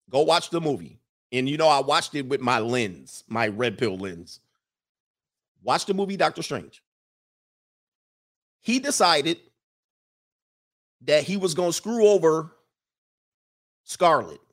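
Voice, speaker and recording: A man hosting a live stream, giving a casual commentary monologue in an animated, preachy way and repeating his lines for emphasis. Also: a little high, slow pace, long pauses. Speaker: live-stream host reading viewer comments.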